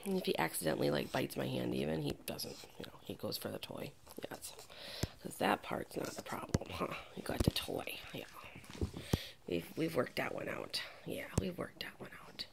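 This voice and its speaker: Gravelly, whispery woman coaxing a puppy. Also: deep voice, expressive, normal speed. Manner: coaxing baby talk to a dog, praising and playful; drops into whispers often. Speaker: dog trainer. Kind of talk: casual talk to a puppy during training.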